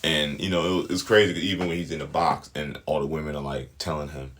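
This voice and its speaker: A man's voice: very deep voice, steady tone, fast, a bit bright, slight background noise. A man giving casual opinion commentary on a show, blunt, emphatic and full of profanity.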